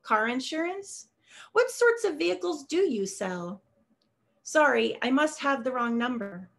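A woman's voice: high voice, sing-song, measured pace, gravelly, a bit bright, exaggerated voice. A woman voicing a lonely widowed old man who makes phone calls, polite and hesitant.

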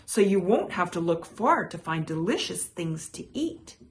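A woman's voice: fairly low pitch, very animated, measured pace, a little hiss or hum. A woman voicing a cheerful little mouse in a read-aloud picture book, sweet and upbeat.

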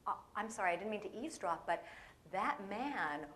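A woman plays a polite male passerby who speaks softly and hesitantly. He sounds apologetic and puzzled, easing into his question with little fillers. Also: high-pitched, animated, normal speed, a little hiss or hum.

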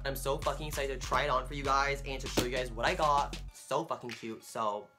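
A man hosting a casual unboxing vlog, talking in a hyper, excitable way and swearing constantly. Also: medium pitch, fast, hardly any pauses. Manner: hyper, excitable and heavily profane. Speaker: vlogger. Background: music.

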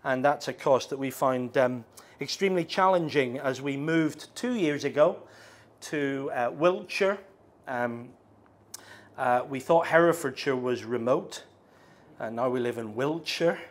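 A middle-aged man with a Northern Irish accent preaching a sermon, speaking slowly and deliberately with frequent ums and restarts. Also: mid-range voice. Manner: slows down, halting with fillers.

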